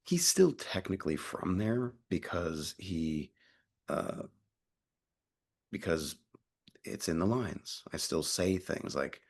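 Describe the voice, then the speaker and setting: A young adult man talks through an interview in a deep, low register with a gravelly, fried edge. His voice is a little husky, and he rambles, restarting sentences and stacking up fillers. He swears casually as he goes. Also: animated, takes it slowly, pauses often. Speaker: actor being interviewed.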